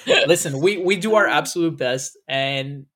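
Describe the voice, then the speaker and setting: A man chatting on a casual podcast with a slightly high voice. He talks fast, laughs a lot and swears freely. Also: a bit bright. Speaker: podcast co-host.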